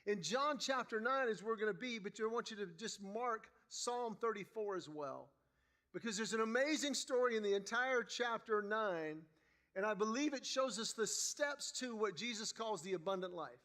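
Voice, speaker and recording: A man preaching a sermon in a church, telling a story with lively acted-out dialogue. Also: high voice, normal speed. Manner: animated storyteller acting out dialogue. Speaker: guest preacher.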